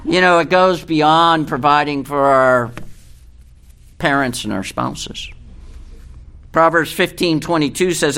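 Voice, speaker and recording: A man's voice: fairly high pitch, a bit bright. An older man preaching a sermon in a folksy, earnest way, reading scripture aloud. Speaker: pastor.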